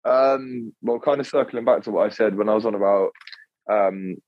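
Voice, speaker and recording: A young man talks casually in a laid-back, rambling way. His voice sits fairly low. The audio is dull and lo-fi, close and dry. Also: moderate pace, dry recording. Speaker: podcast guest, clothing creator. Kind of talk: casual chat.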